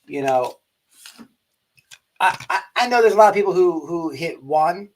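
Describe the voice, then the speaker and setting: A man's voice: a little high, lively intonation, measured pace. A man hosting a livestream commentary show, rambling and emphatic with many restarts. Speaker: host.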